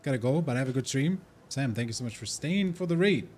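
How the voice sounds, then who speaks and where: A man's voice: medium pitch, animated, brisk, darkish tone. A man chatting casually with his live-stream viewers while he plays, rambling and thinking aloud. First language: German. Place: living in India.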